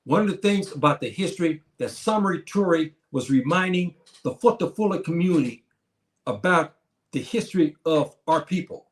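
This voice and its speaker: A man's voice: on the high side, expressive, normal speed. A man in his seventies gives an emphatic, repetitive lecture to his community, often addressing the listeners as brothers and sisters. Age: 70s. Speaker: teacher of a class. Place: Morocco.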